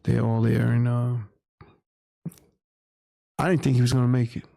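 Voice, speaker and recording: A man's voice: medium pitch, little pitch movement, normal speed, gravelly, mellow, dry recording, studio quality. A man from New York, a guest in an interview, telling a story in a candid, plain-spoken way and acting out what others said. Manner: candid, plain-spoken, acts out quoted voices. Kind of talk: casual storytelling.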